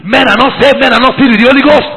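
High-voiced gravelly preacher man. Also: fairly even intonation, very fast, bright, forceful tone, long reverb tail, rough recording. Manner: emphatic, repeats lines, calls out to the congregation. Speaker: pastor. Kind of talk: sermon.

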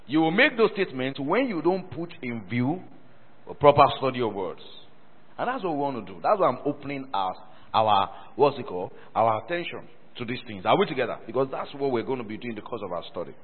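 A man preaches with a lively voice that swings high and low, breaking off to call for responses from his congregation. His tone is a little husky, and his words ring out in a long hall echo. The sound comes over a thin, phone-like line. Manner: animated, calls for congregation responses; mocking, laughing asides. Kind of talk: sermon.

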